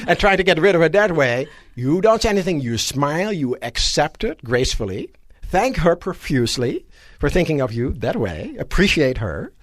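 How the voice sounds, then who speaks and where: A man giving a live motivational seminar lecture to an audience in a room, animated and asking rhetorical questions. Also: a little high, normal speed, dry recording, studio quality. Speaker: seminar speaker.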